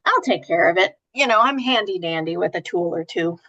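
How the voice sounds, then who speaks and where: A woman co-hosting a motivational podcast, chatting and telling everyday stories in an animated way. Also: lowish voice, brisk, highs cut off. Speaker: podcast co-host. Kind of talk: casual chat.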